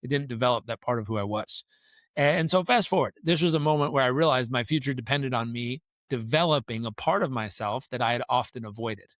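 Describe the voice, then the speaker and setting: A man telling stories as a guest on a podcast interview, lively and acting out the people in his stories. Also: mid-range voice, a little fast, no echo, clean studio sound. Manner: animated storyteller who acts out the people in his stories.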